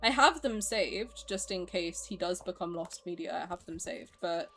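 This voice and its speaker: Chatty, excitable woman streamer. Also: lowish voice, normal speed. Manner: chatty and excitable, swears freely, laughs often. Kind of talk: casual live-stream chat, reacting to viewer comments.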